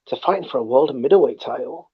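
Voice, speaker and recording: A man's voice: mid-range voice, animated, fast, husky, no echo. A man in casual chat, asking questions in disbelief. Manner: incredulous, questioning. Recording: dull lo-fi sound.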